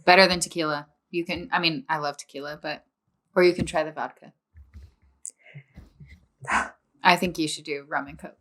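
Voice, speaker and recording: A woman's voice: deep voice, fairly even intonation, normal speed, long pauses, fairly bright tone. A young woman co-hosting a podcast, chatting casually and teasing her friend. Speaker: podcast co-host. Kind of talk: casual chat.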